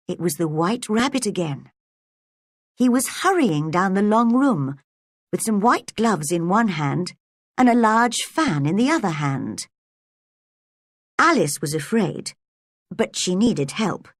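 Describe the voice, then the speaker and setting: A woman narrating a storybook aloud in a slow, expressive reading. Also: medium pitch, slightly rough, dry recording, clean studio sound. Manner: lively, expressive.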